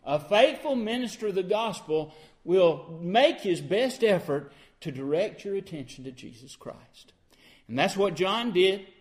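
A man, preaching as pastor and explaining scripture line by line in an earnest, plainspoken way. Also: high voice. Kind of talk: sermon.

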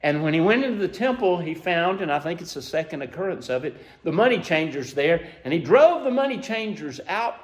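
Male preacher, fairly high voice, emotive storytelling sermon delivery. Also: brisk, hardly any pauses. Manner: emotive storytelling, rising to high excited peaks then dropping soft; asks listeners to imagine scenes.

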